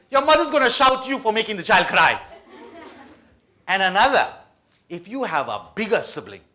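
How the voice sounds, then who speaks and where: A man giving school students a lively study-skills talk, playful and often asking the audience questions. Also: high-pitched. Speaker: motivational study-skills speaker.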